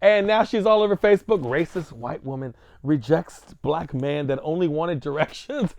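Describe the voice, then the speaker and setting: A man hosting his own vlog, ranting in a blunt, crude, provocative monologue with sudden jumps in pitch. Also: normal speed, few pauses, a little mellow, no room sound, muffled recording. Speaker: vlog host.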